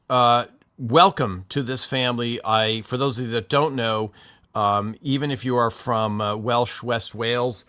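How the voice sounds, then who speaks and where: Guy rambling through viewer comments on his livestream, bright voice, lots of ums. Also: medium pitch. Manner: rambling, chatty, with many fillers and restarts. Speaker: livestream host. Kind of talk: casual live-stream chat, reading viewer comments.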